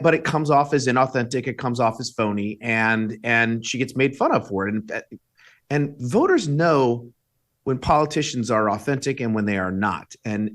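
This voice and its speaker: A man speaking as a guest commentator on a political talk show, in a measured, analytical way. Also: mid-range voice, fairly bright tone. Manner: measured, analytical, with frequent fillers and restarts.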